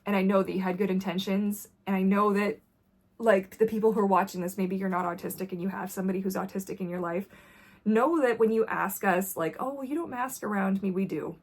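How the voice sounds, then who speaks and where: A woman vlogger talking candidly to camera in a blunt, intense way that drops to quiet when the subject gets heavy. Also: mid-range voice, steady tone, brisk.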